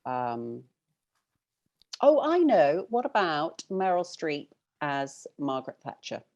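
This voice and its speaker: Low-voiced British woman, chatty and thoughtful. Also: big pitch swings, slow, a little mellow, lo-fi sound. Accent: British English. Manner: chatty, thoughtful, laughs often. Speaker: novelist guest. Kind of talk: casual interview chat.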